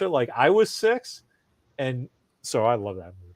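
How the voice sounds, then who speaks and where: A man's voice: mid-range voice, moderate pace, no echo. A middle-aged man co-hosting a casual chat podcast, telling stories with swearing and acted-out quotes. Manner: animated storyteller, swears, acts out quotes. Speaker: podcast co-host.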